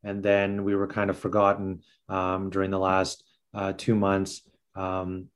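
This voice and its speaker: A man answers as a guest in a casual video call chat. His voice sits low, and he speaks earnestly, stopping and restarting often with fillers. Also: monotone, smooth, highs cut off. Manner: halting, many fillers, earnest. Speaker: photographer guest.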